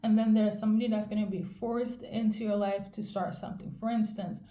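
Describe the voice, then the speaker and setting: A woman giving a casual tarot reading in a rambling, fairly monotone way, often checking in with "okay?". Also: mid-range voice, brisk, echoey room. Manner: monotone delivery. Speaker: tarot reader.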